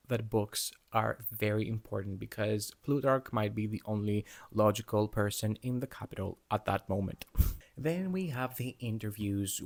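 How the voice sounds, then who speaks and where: A man with an ordinary mid-range voice chats casually through a book review. He is animated and laughs often as he wanders into side remarks. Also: medium pitch. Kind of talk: casual book talk vlog.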